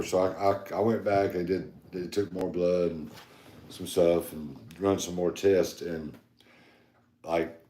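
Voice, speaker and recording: Deep-voiced man, boastful and rambling. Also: steady tone, slow, dark tone, a little hiss or hum. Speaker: podcast co-host. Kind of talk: casual chat. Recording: echoey room.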